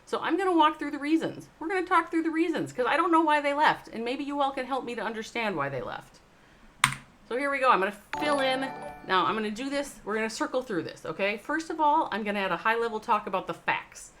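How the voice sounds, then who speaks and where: A woman hosting a live stream, talking straight to chat viewers. She swings between loud, emphatic, swearing bursts and slow, soft reflection. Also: high voice, expressive. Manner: addresses chat viewers by name. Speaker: livestream host, esports org owner. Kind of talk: emotional livestream monologue.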